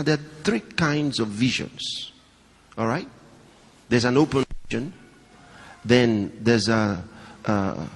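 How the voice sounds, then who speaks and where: The sermon comes from a male pastor whose slightly rough voice moves between loud, high emphasis and hushed, low narration before a live congregation. He poses questions and asides to the people listening, and the sound carries long hall reverb.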